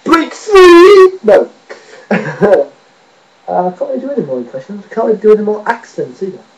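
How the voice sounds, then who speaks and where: A man's voice: sits high, big pitch swings, rapid-fire, gravelly, dark tone, dull audio. A man rambling and joking casually to his webcam, swearing now and then and mocking himself. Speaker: vlogger. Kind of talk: casual rambling video chat.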